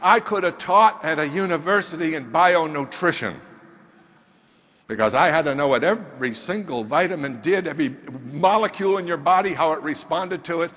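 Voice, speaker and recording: A man giving an animated motivational speech from a stage, emphatic and firing questions at the audience. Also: a little high, moderate pace. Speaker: motivational speaker. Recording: long hall reverb on stage.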